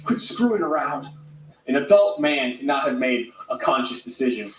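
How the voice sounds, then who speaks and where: A man's voice: mid-range voice, animated, normal speed, a little hiss or hum, close to an everyday voice. An actor playing an exasperated, sarcastic man who has completely run out of patience, heard as distant, roomy clip audio.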